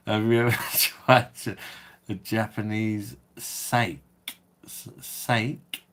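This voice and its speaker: A man's voice: low voice, creaky, pushed and bright, slight background noise. A man hosting a beer review livestream, telling a rambling story in casual, sweary chat and chuckling often.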